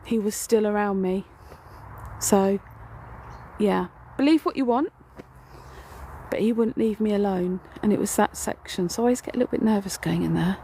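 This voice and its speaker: A woman's voice: medium pitch, normal speed, pauses often, mellow, slight background noise. A woman walking through a graveyard, telling a rambling ghost story in a casual vlog with lots of fillers. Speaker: paranormal vlogger. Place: outdoors in a graveyard.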